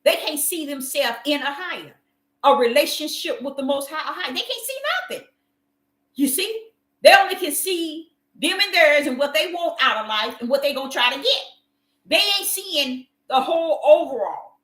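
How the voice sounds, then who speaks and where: Woman preacher, impassioned and repetitive, with a bright, lively voice in an echoey room. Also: sits high, moderate pace. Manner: impassioned, repetitive, addresses listeners as y'all. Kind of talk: sermon.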